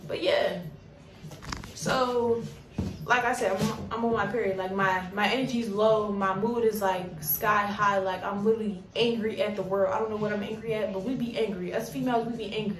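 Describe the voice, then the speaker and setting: A woman's voice: mid-range voice, normal speed, soft background music. Blunt, fired-up woman in an echoey room. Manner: blunt, animated, profane. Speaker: coffee shop worker. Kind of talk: casual storytime. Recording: roomy, distant from mic, faint noise.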